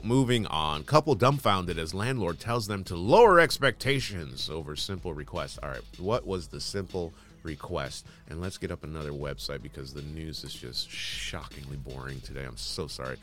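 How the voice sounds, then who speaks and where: A man's voice: a bass voice, animated, moderate pace, fairly bright tone, faint music behind. A man hosting casual news commentary, reading headlines aloud and adding sarcastic, dismissive asides.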